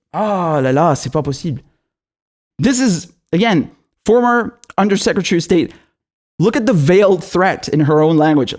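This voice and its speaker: A man's voice: high voice, darkish tone. A man giving an angry, profane political rant to camera, sarcastic and repeating himself for emphasis. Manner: mocking mimicry in asides. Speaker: political commentator.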